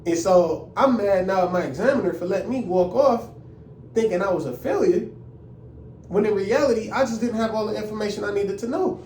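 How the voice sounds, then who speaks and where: A young man telling a story in a casual, animated, indignant way and using lots of slang. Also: high voice, fairly quick, echoey room, recorded from a distance, slight background noise. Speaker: vlogger.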